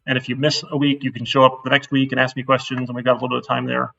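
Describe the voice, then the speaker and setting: A man's voice: medium pitch, level tone, rapid-fire, creaky, pushed and bright, recorded from a distance, muffled recording. A middle-aged man giving a casual, blunt course intro lecture to a class, getting worked up as he talks. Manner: blunt, chatty, gets worked up. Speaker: university instructor.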